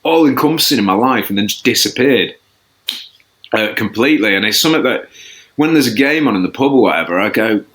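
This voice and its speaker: A man's voice: mid-range voice, expressive, fast, fairly bright tone. A man, a podcast guest chatting casually, rambling and self-deprecating with many restarts. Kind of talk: casual chat.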